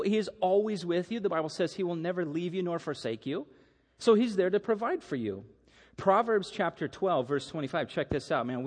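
A middle-aged pastor preaches a sermon, telling stories animatedly and acting out the quotes. His voice is on the high side, and the sound has a big-room quality.

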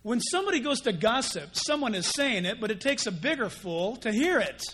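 A male pastor preaching a sermon in an animated way, acting out gossips and people praying in quick quoted voices. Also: very high voice, slightly rough.

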